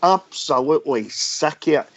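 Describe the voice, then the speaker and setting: A man's voice: fairly high pitch, animated, moderate pace, a bit bright, no echo. Frustrated, emphatic man. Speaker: co-host. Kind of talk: casual radio phone-in. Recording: dry lo-fi call audio.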